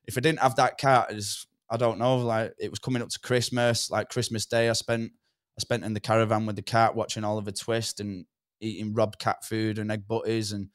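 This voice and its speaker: A man's voice: fairly low pitch, level tone, brisk, no echo, studio quality. A young man telling a rambling story from his past, with swearing and lots of "do you know what I mean". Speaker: podcast guest. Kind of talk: casual storytelling.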